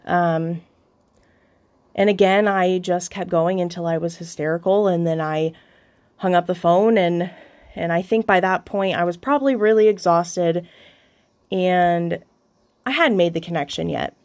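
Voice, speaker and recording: A woman's voice: lowish voice, a little mellow. A young adult woman hosting a podcast, telling a personal story in a candid, confessional way, with restarts and occasional swearing. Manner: halting, with frequent restarts. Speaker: podcast host.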